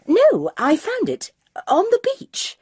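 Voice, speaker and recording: A woman's voice: very high-pitched, wildly swooping pitch, takes it slowly, darkish tone, no echo, studio quality, voice pushed up, exaggerated voice. A woman reading aloud, voicing an earnest, proper middle-aged woman playing detective.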